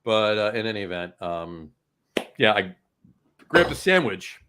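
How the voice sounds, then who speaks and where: A man's voice: fairly low pitch, very animated, a little slow, sharp tone, slight background noise. Rambling man. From New Jersey. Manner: rambling, many fillers and restarts, tells stories. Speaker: host. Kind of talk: casual chat.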